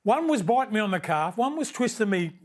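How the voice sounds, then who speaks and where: Older Aussie bloke, guest on a podcast, high-pitched, animated storyteller who laughs a lot. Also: male voice, a little fast. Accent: Australian. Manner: animated storyteller, laughs often, calls everyone mate. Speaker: podcast guest, former rugby league player. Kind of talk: casual chat.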